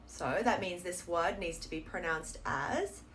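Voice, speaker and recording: A woman teaching a pronunciation lesson, explaining patiently and sounding out model words slowly and clearly. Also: fairly low pitch, animated, fairly bright tone, slight background noise. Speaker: Korean language teacher.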